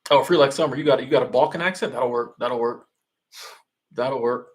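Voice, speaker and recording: A man's voice: mid-range voice, brisk. A man from Florida, hosting a casual livestream and answering chat in a loose, rambling way full of restarts.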